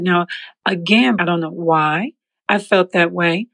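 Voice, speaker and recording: Animated woman with a gravelly edge. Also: on the low side, a little slow. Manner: animated, acts out quoted voices; laughs often while telling. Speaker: interview guest. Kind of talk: personal testimony storytelling.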